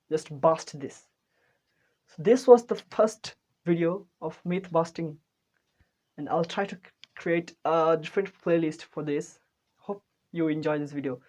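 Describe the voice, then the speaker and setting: A woman hosting an English lesson, explaining grammar rules in an unhurried way and correcting herself as she goes. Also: deep voice, dark tone. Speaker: English teacher, channel host.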